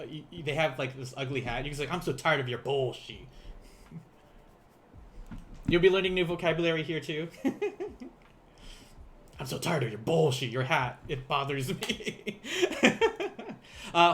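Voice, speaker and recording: A young man teaching beginner vocabulary in a casual livestream, playful and quick to laugh, repeating each word slowly for learners. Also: a little high, fairly bright tone. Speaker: language teacher.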